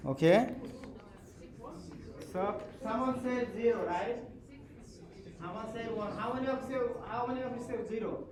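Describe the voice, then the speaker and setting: A man's voice: very high-pitched, normal speed, long pauses, a crowd in the background. A male professor, not a native English speaker, lecturing a class in simple English and often checking in with "okay?". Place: lecture hall.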